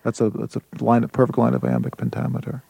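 A man, a playwright and translator, answering a radio interview in a halting way with many restarts. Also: medium pitch, sing-song, vocal fry, dark tone, slightly rough, dry recording.

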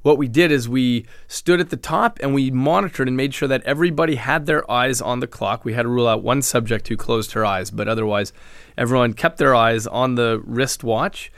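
Male scientist guest, measured explainer, mid-pitched, dry close recording. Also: a bit bright, dry recording. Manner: explanatory, measured, frequent restarts. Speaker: neuroscientist guest. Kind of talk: interview answers.

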